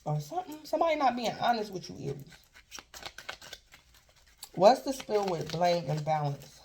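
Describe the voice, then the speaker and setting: A woman's voice: mid-range voice, sing-song, normal speed, noisy background. A woman giving a casual tarot reading, rambling and repeating herself as she keeps addressing the listener by star sign. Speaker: tarot reader.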